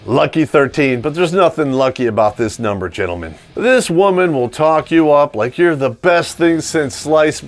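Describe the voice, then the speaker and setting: Male vlog host, crude sarcastic rant with laughing asides, animated pitch, music bed. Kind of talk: ranting comedic monologue.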